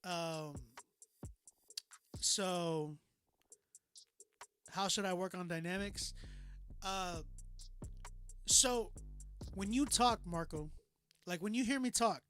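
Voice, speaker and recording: High-voiced man giving casual critique. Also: takes it slowly, long pauses, fairly bright tone, soft background music. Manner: loose and emphatic, often says "you know what I'm saying". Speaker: music reviewer hosting a live stream. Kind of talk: casual live critique chat.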